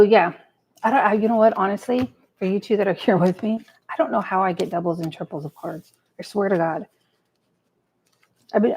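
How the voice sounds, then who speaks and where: A woman's voice: mid-range voice, gravelly, dark tone, low-quality recording. A woman doing a live tarot reading, chatting casually, muttering to herself and swearing freely as she pulls cards. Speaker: tarot reader. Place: home table with a cat nearby.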